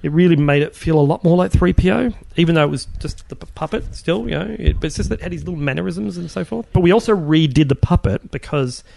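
Aussie guy rambling fast, lots of restarts, gravelly voice, dry sound. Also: fairly high pitch, mellow. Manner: rambling, many restarts and fillers. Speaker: guest, film puppet and props builder. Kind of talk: casual interview chat.

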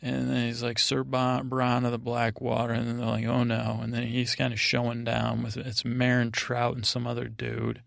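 A man's voice: medium pitch, completely flat delivery, moderate pace, vocal fry, hardly any pauses, no echo, clean studio sound. A man hosting a podcast, giving a rambling, meandering sleep-aid recap of a TV episode. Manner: meandering, digressive retelling. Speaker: podcast host.

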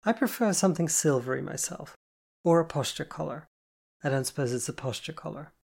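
A narrator voicing a brash, foul-mouthed, bossy young woman who talks loudly and bluntly and teases. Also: mid-range voice, lively intonation, brisk, gravelly, pitched above the performer's own voice. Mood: amused. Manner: loud, teasing, blunt.

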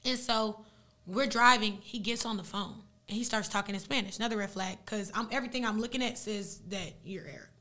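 Bright-voiced young woman telling a story. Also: medium pitch. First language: Arabic. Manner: animated, slangy, fast retelling. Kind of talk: casual storytelling.

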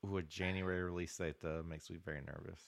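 Low-voiced man, relaxed podcast host. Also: quick pace, creaky. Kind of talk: casual chat.

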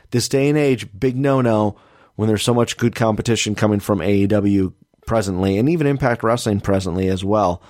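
A man hosting a wrestling podcast, talking in a low voice. He chats casually and sounds opinionated, often pushing back with exasperated questions. The recording is dry and close, with no room sound. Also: a little mellow, no echo. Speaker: podcast co-host.

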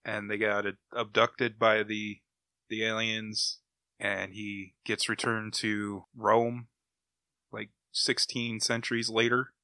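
A man's voice: fairly low pitch, level tone, takes it slowly, bright, forceful tone, no room sound. A man hosting a comic book podcast, casually retelling plots in a rambling, enthusiastic way. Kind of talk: casual chat, recapping comics.

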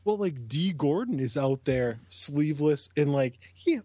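A man's voice: on the high side, expressive, a little slow, darkish tone, breathy edge, dry recording, highs cut off. A man co-hosting a sports podcast in a casual, jokey chat, often breaking off mid-sentence. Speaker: podcast co-host.

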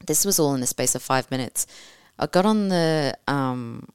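Low-voiced woman recounting her birth, animated. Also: normal speed, smooth, no room sound, clean studio sound. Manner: animated, swears casually, acts out her own past words. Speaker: podcast guest telling her birth story. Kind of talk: casual conversational storytelling.

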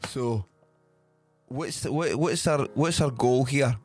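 A man's voice: mid-range voice, slow, darkish tone, soft background music. Laid-back sweary Scottish man. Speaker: podcast co-host. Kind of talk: casual chat.

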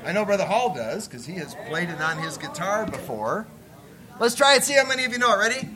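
Folksy, high-voiced missionary preacher. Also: male voice, sing-song, brisk, crowd noise. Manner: folksy, chatty, joking. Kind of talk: sermon with stories.

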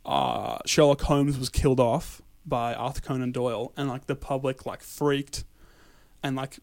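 A man's voice: mid-range voice, flat delivery, measured pace, vocal fry, darkish tone, no echo. A man co-hosting a casual podcast, reading through a list with lots of laughing and stumbling over names. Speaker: podcast co-host presenting the year.

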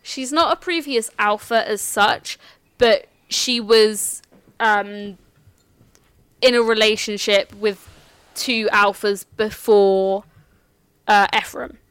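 A woman game master talks through characters and rules at an unhurried pace. Her voice is smooth and a little high, recorded close and dry. She restarts phrases now and then as she explains. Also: fairly bright tone, dry recording. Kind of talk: explaining a tabletop game setup.

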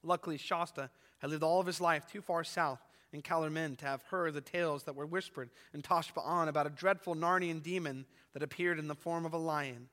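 High bright-voiced preaching man. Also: a little fast, hardly any pauses, long reverb tail. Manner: dramatic, animated storytelling. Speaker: pastor. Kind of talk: sermon with expressive reading aloud.

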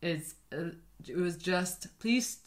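Woman, young adult, slightly low pitch, playful joking banter, casual chat. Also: moderate pace, a bit bright.

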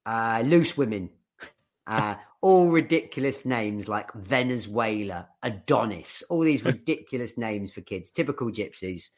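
A man's voice: lowish voice, expressive, unhurried. A young man co-hosting a podcast, chatting loosely with lots of swearing and restarts. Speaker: podcast co-host. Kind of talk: casual chat.

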